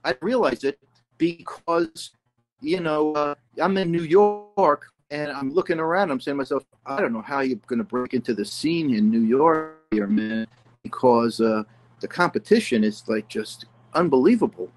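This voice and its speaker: A man's voice: fairly high pitch, normal speed, soft background music. A man in his sixties, a guest musician, telling long rambling stories in a casual interview, full of restarts and "you know".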